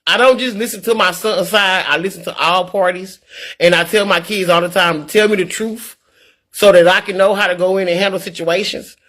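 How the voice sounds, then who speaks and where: A woman's voice: medium pitch, fairly even intonation, fairly quick, fairly bright tone. Earnest middle-aged woman livestreaming. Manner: earnest, preachy, repeats words when worked up. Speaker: livestreamer reading viewer comments. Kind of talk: candid live-stream talk.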